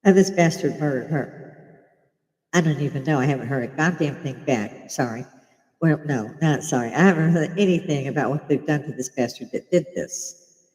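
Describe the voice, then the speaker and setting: A woman's voice: low voice, normal speed, a little mellow, long reverb tail, rough recording. A middle-aged woman from Britain hosting a casual livestream from her home bar, blunt and swearing as she rants. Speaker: live stream host.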